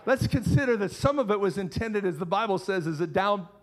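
A man's voice: high voice, expressive, brisk. Earnest man preaching a sermon. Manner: earnest preaching with repeated phrases. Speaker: pastor.

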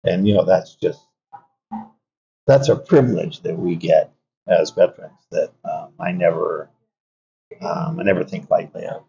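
An older man with a low, mellow, warm voice recalls his Army years in an unhurried, anecdotal way. He pauses often and restarts phrases as he talks. The audio is dull and lo-fi. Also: gravelly. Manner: reflective, anecdotal, many fillers and restarts. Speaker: Army veteran guest. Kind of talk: conversational interview storytelling.

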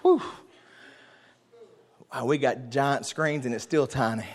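A man preaching a sermon in a church, fervent and building to shouted call-and-response. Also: medium pitch, takes it slowly. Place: church sanctuary.

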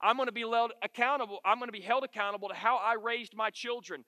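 A middle-aged man preaching to a men's group, his voice high and bright with a forceful edge. He tells stories with animated emphasis, driving points home by repeating them, and the sound is close and dry with no room around it. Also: quick pace, no echo. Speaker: men's Bible study leader. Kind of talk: storytelling sermon to a men's group.

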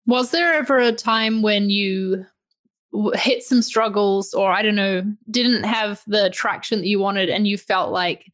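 A woman's voice: mid-range voice, a little slow, fairly bright tone, dry recording, studio quality. A woman from New Zealand with a New Zealand accent, hosting an interview in a conversational, thoughtful way. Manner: conversational, thoughtful questions with fillers. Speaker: podcast host. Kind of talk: casual interview chat.

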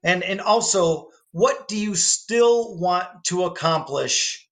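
This is a man with a notably high-pitched voice, hosting a talk show. He talks with enthusiasm and heaps praise on his guest before signing off in an upbeat outro. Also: lively intonation, slow pace, a bit bright. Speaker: radio show host.

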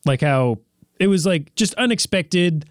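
A man's voice: on the high side, expressive, unhurried, no room sound, clean studio sound. A man in casual chat, rambling and joking with many fillers and restarts.

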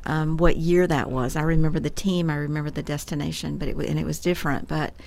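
A middle-aged woman talks earnestly in a slightly low voice on a ministry radio program. She restarts words as she goes, in a casual conversational way. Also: fairly even intonation, fast talker, creaky, a little mellow. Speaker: co-host of a prayer ministry radio show. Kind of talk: casual chat.

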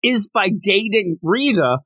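This is a high-pitched man speaking at a measured pace in an echo-free recording. As co-host of a manga podcast, he brings scenes to life with relish, voicing the characters himself, all within a relaxed review conversation.

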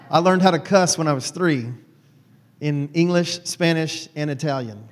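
A man telling a personal story to an audience in a folksy, animated way. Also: fairly high pitch, moderate pace. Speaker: speaker.

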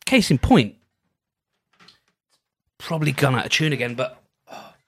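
A man chatting alone on his podcast in an easygoing, meandering way, often restarting his thoughts. His voice sits in a middle pitch. The sound is dry and close. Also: very animated, unhurried, dry recording. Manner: meandering, self-interrupting, gentle. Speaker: podcast host. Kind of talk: casual solo podcast chat.

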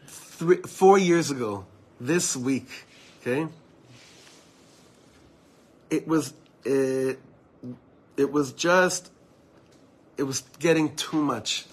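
A man's voice: fairly high pitch, a bit bright, breathy edge. Earnest man giving a Torah talk. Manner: earnest, personal storytelling with asides to listeners. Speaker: Torah teacher. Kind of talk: informal Torah talk to a small group.

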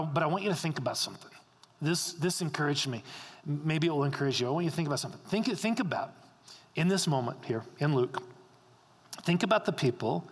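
Male pastor, fairly high voice, emphatic sermon delivery in a long-reverb sanctuary. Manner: emphatic, repeats key lines for stress.

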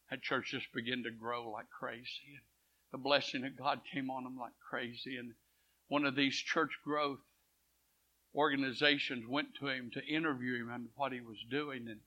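A man preaching a sermon. He tells a story and swings from hushed quotes to loud swells. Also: mid-range voice. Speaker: pastor. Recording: dull lo-fi church recording.

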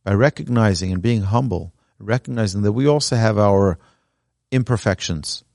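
A male rabbi delivers a Torah talk in a fairly low voice, earnest and exhortative, lifting his pitch for emphasis as he tells a story. The sound is close and dry, with little room echo. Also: normal speed, vocal fry, darkish tone. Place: Torah learning center, indoors. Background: live audience present.

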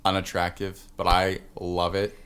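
A man's voice: deep voice, completely flat delivery, moderate pace, a bit bright, smooth. A man co-hosting a podcast, chatting casually, rambling and joking, often trailing off into fillers. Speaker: podcast co-host. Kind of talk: casual chat.

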